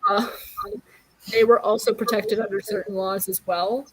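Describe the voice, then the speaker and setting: A woman's voice: mid-range voice, steady tone, moderate pace, a bit bright, husky, rough recording. A woman in her early twenties chatting casually about books, blunt and wry in her opinions. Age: 20s. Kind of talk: casual chat.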